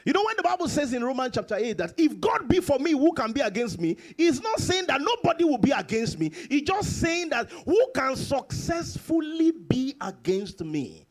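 A man preaching a sermon in church, reading scripture slowly and emphatically, swinging between loud exclamations and quiet, drawn-out lines. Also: very high-pitched, sing-song. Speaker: pastor.

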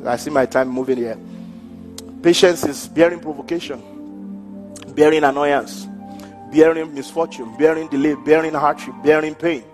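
A man pastor preaching a sermon in a church hall, acting out the people he quotes and laughing between his points. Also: a little high. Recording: church hall with long reverb and faint music.

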